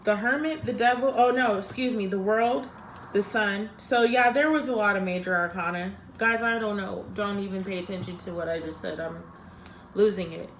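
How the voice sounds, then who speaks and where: A woman's voice: mid-range voice, normal speed, a bit bright, roomy sound, a little hiss or hum. A woman giving a casual tarot reading, talking bluntly and frankly, swearing freely. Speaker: tarot reader.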